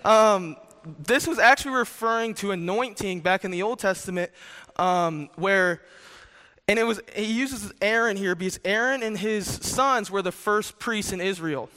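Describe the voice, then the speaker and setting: A man's voice: high-pitched, sharp tone, smooth. A young man in his twenties giving a chatty, joking sermon, telling stories with many fillers. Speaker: youth speaker. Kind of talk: casual sermon with storytelling. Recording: reverberant hall.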